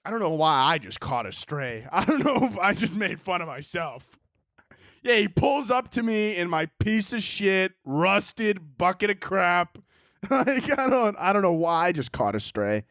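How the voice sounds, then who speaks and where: Animated high-voiced podcast host. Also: male voice, measured pace, dry recording, studio quality. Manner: animated, profane, laughs often, acts out both sides of a story. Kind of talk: casual solo podcast storytelling.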